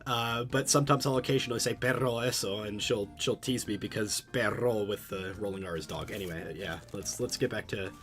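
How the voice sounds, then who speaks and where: A man's voice: lowish voice, fairly quick, hardly any pauses, fairly bright tone, faint music behind. Rambling male streamer chatting to his audience. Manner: rambling, with frequent restarts and repeated words. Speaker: livestreamer. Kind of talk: casual chat with a live chat while studying a language.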